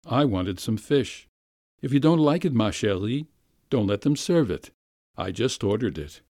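A man reading a story aloud, voicing a hurried, placating middle-aged husband. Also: medium pitch, big pitch swings, darkish tone, no echo, studio quality.

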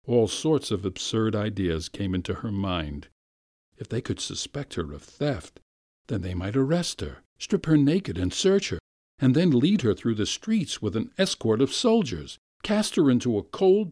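A man narrating a classic story with a measured, expressive reading. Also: lowish voice, dry recording, studio quality.

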